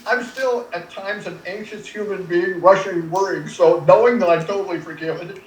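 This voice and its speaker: An older man who is a radio personality, telling stories in an animated, emotional, earnest way during an interview. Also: high-pitched, moderate pace. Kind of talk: conversational interview, storytelling. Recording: echoey room, distant from mic.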